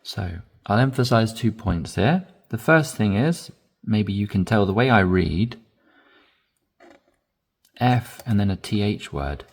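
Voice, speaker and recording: A man teaching English conversation, modeling phrases slowly with deliberately stressed inflection. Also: lowish voice, expressive, gravelly, slightly rough. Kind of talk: language lesson, reading dialogue aloud.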